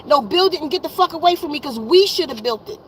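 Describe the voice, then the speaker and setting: A woman in her fifties, a wellness vlogger, vents with an animated, high voice at a quick pace. The poor audio has a little hiss or hum. She sounds weary and exasperated, blunt and profane, and keeps repeating herself.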